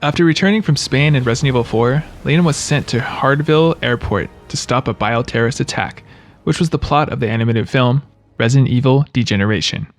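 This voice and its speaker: A man's voice: mid-range voice, fairly quick, dry recording, soft background music. A man giving scripted video-game trivia narration, with wry, joking asides.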